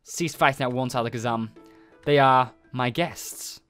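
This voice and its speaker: A man reading game dialogue aloud as an ancient, solemn nine-tailed fox spirit, slow and formal with archaic phrasing. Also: medium pitch, fairly bright tone, clear, resonant tone, faint music behind, lightly acted.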